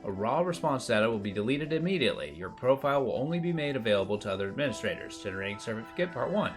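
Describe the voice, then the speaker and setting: A man's voice: mid-range voice, lively intonation, racing, over music. A man streaming a puzzle game, commenting casually and reading the on-screen text aloud with offhand remarks.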